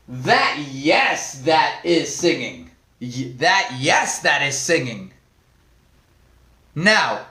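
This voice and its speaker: Male language teacher, high lively voice, unhurried delivery, echoey room mic. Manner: animated, playful, reads and answers viewers' comments. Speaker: Spanish teacher. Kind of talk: live online language class.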